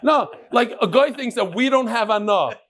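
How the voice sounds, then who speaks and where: A man's voice: extremely high pitch, expressive, normal speed, fairly bright tone. A man teaching a live Talmud class, bantering with his listeners and mixing Yiddish and Hebrew terms into his talk.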